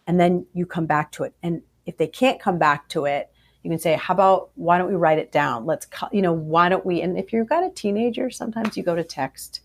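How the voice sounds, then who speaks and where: A woman psychologist answering interview questions about parenting, animated and acting out the voices of parents and kids. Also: on the low side, fairly quick. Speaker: child psychologist guest.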